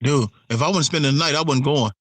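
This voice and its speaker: A man's voice: fairly high pitch, fast talker, dry recording. A man on a casual podcast, bantering brashly with profane jokes and frequent laughter. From Chicago. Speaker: podcast co-host. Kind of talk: casual chat.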